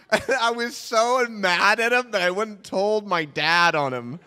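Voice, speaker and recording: A young man telling a comic true-life story on stage, animated and self-mocking, often laughing and trailing off in fillers. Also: high voice, unhurried, clean tone. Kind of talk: live comedic storytelling. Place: stage in a hall before an audience. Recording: reverberant stage hall.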